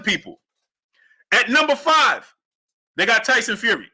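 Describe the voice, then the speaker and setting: Male livestream boxing host, high lively voice with a very bright edge, hypes the chat. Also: a little slow. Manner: animated, hypes the audience, shouts out chat names. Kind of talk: livestream commentary reading chat.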